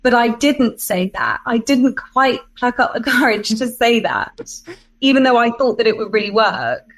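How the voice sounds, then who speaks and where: A woman's voice: a little high, animated, normal speed, fairly bright tone, rough recording. English woman chatting with easy laughs. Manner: chatty, self-deprecating, laughs often. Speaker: voice actor guest. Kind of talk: casual interview chat.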